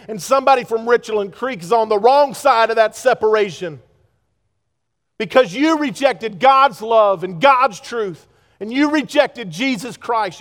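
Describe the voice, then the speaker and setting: A pastor preaching a sermon to his congregation, with pleas that swing from loud urgency to hushed earnestness. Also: extremely high pitch, big-room sound. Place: church sanctuary.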